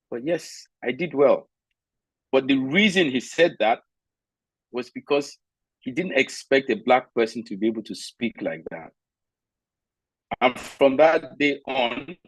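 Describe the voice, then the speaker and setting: A man from Nigeria speaks on a video call, candid and emphatic as he tells his own stories and gives advice. His voice sits in a middle pitch, and the sound is dry with no room echo. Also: breathy edge.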